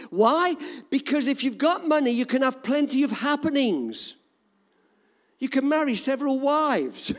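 A man's voice: very high voice, in a large hall. An older man with an English accent preaching a sermon in an emphatic, repetitive cadence. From England.

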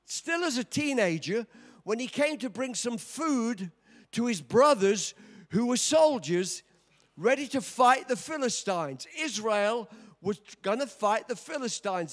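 An older man in his seventies preaching a sermon, telling a story with dramatic swings from quiet to shouting. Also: very high-pitched. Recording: long reverb of a large hall.

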